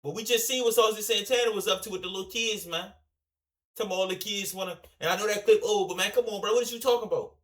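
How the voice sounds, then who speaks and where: Animated man ranting in a reaction video. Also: high voice, fast. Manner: animated, rambling, slangy, repeatedly addresses viewers. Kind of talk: casual reaction commentary.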